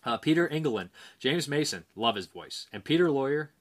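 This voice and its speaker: A man's voice: mid-range voice, sing-song, brisk. A man hosting a movie review show, chatting casually and reading out viewer comments in a rambling, hesitant way with many fillers. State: dry mouth.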